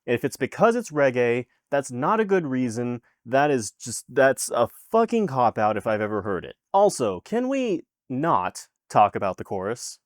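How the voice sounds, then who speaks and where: A man's voice: medium pitch, sing-song, moderate pace, hardly any pauses, no room sound, studio quality. A man reviewing an album in casual commentary, exasperated and sarcastic, swearing often. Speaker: music reaction host.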